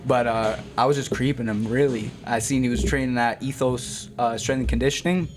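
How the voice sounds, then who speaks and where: Background noise accompanies a young Canadian man of medium pitch who talks briskly. A boxer sharing his story, he's slangy and animated in this casual interview, saying "bro" to the host a lot.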